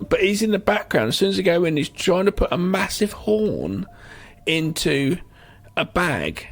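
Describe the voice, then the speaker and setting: Podcast guy, fairly high voice, super animated, laughs a lot. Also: normal speed. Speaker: podcast co-host. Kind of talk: casual film-discussion chat.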